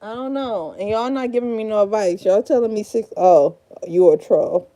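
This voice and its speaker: A woman's voice: mid-range voice, normal speed, warm tone. A woman in her thirties in casual livestream chat, rambling, swearing and frazzled as she talks to herself while sorting out a room. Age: 30s. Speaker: live streamer.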